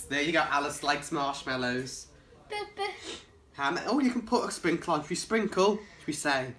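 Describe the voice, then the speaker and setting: A man with a gentle, patient and coaxing manner, chatting casually and asking lots of encouraging questions while making a treat in a home kitchen. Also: fairly high pitch, lively intonation, normal speed. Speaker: co-host of a home cooking video.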